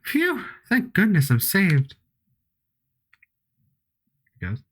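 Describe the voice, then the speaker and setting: A frightened young girl squeals for help in a high, breathless voice, as a man puts her on while reading game dialogue. She sounds panicked and thin, as though barely holding herself together. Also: huge pitch swings, extremely slow, fairly bright tone, heavily acted. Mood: relieved, dazed.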